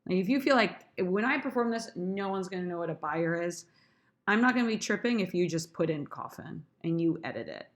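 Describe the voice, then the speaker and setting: A woman's voice: lowish voice, lively intonation, fairly quick. A woman drama teacher, chatty and addressing her students directly, talks through how she annotates and rehearses a sonnet. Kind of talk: screen-recorded lesson.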